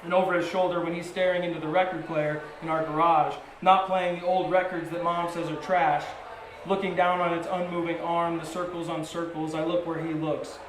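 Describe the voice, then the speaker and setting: Brief: man, poet at a live reading, fairly high voice, measured phrasing, roomy venue sound. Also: flat delivery, background noise. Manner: measured, short-phrased delivery with rising intensity. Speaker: poet reading his work. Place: coffee shop and bar venue.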